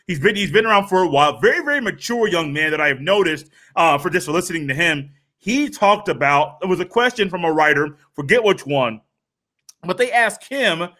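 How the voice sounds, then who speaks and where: A man's voice: high-pitched, pushed and bright. A man co-hosting a casual sports talk show, giving emphatic, opinionated commentary. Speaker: sports podcast co-host.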